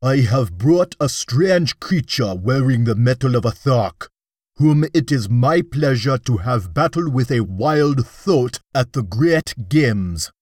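A man voicing a huge, scarred old Martian warrior chieftain who speaks in a loud, menacing voice. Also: mid-range voice, lively intonation, slow, no echo, studio quality. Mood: menacing roar.

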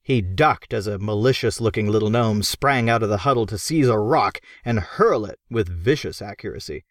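Man narrating an expressive audiobook. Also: fairly low pitch, moderate pace, no room sound, studio quality. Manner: lively, expressive storytelling.

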